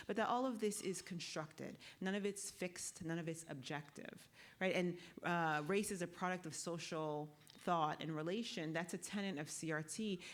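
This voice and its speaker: A woman law professor speaking on a conference panel, lecturing in a conversational way and often checking in with tag questions. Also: lowish voice. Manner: walks the audience through a guided exercise.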